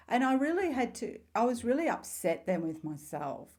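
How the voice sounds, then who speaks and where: A middle-aged woman talking casually to camera as a spiritual vlogger, telling stories in a heartfelt, rambling way with warm asides. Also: a little high, very animated, moderate pace.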